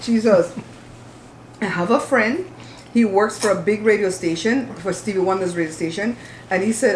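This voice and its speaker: A woman's voice: medium pitch, a little fast, a little hiss or hum. Woman host, emphatic and outspoken, casual mealtime chat in a roomy room. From Belize. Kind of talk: casual chat while eating. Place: home, at the table. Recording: roomy echo.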